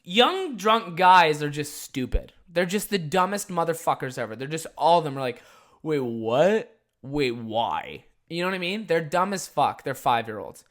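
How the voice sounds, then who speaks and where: Animated young man telling a profane story. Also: on the high side, normal speed, hardly any pauses. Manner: profane, rambling, lots of filler words. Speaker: podcast host. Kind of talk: casual storytelling monologue.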